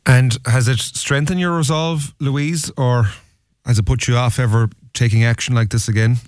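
An Irish man interviewing a guest, asking his questions in a measured, unhurried way. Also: medium pitch, fairly even intonation, no room sound, clean studio sound.

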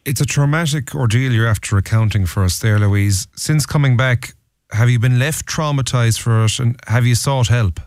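An Irish man interviewing a guest, asking his questions in a measured, unhurried way. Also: medium pitch, darkish tone, no room sound, studio quality.

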